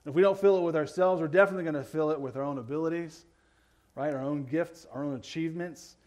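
A male pastor preaching a sermon, earnest, often checking in with the congregation and moving between loud emphatic lines and quiet low ones. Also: fast. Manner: earnest preaching, keeps asking the congregation "right?".

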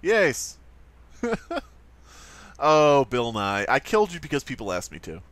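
A man's voice: medium pitch, very animated, unhurried, a bit bright, dry recording. A man commenting on a game in casual chat, teasing his co-host and riffing on jokes.

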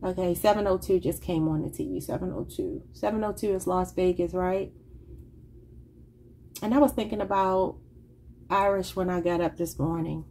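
A woman's voice: on the low side, steady tone, normal speed, long pauses, dark tone, slight background noise. A woman giving a casual tarot reading, rambling and thinking aloud in an informal, chatty way. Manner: informal, says y'all. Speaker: tarot reader.

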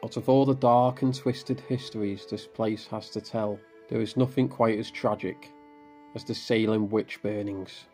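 A man tells a horror story in a grave, measured voice. His delivery is slow and deliberate, his pitch on the low side. Soft music plays faintly behind him. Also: fairly even intonation. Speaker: narrator. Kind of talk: scripted horror narration. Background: faint background music.

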